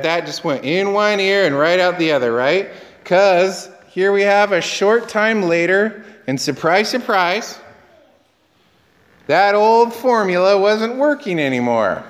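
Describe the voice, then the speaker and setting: Male pastor, sermon, unhurried delivery, big echoing church. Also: high-pitched, animated. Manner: conversational, quizzes the congregation, acts out quoted dialogue.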